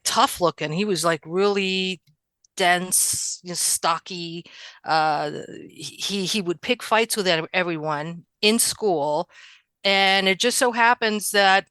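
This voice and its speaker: A woman from New York, a guest in a casual conversation, telling animated stories from her childhood, acting out quotes and laughing often. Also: fairly low pitch, clear, resonant tone, no echo.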